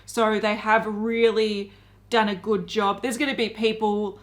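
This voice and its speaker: A woman's voice: mid-range voice, fairly even intonation, a little slow. A woman co-hosting a beauty news show, running through product details in a casual, conversational way. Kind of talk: casual chat.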